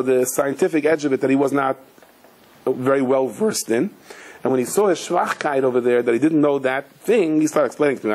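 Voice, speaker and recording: A man's voice: medium pitch, darkish tone, breathy edge. A man, a rabbi, giving a sermon as he tells a story, mixing Hebrew and Yiddish terms into his talk and often restarting his sentences.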